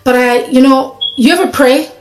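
A woman's voice: sits high, normal speed, roomy sound, rough recording. A woman preaching a sermon in an earnest, conversational way, asking her listeners questions.

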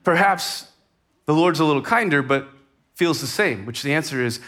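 A man preaching a sermon in a conversational way, rising in intensity and then dropping to a hushed tone. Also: a little high, animated, moderate pace. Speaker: pastor.

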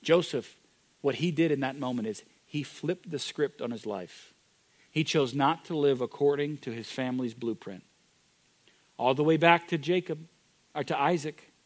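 A man preaching a sermon, moving from loud, emphatic declarations to hushed, intimate moments. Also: mid-range voice, normal speed. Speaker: pastor.

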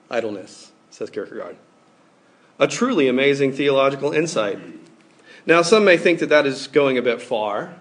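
A man's voice: mid-range voice, lively intonation, normal speed. Man preaching casually to students. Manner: casual, conversational preaching with many fillers. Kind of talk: sermon to students.

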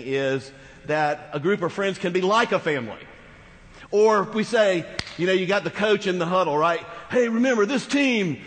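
A man's voice: high voice, a bit bright. A man preaching a sermon as pastor, talking conversationally with rhetorical asides to the congregation. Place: large church hall. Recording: reverberant church hall.

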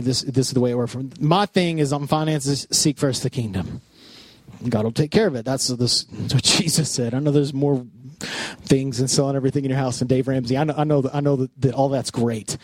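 A man in his thirties preaching in an animated, personal way, often restarting his sentences. His voice sits a little high for a man and sounds dry and close, with no room echo. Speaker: pastor. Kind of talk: sermon.

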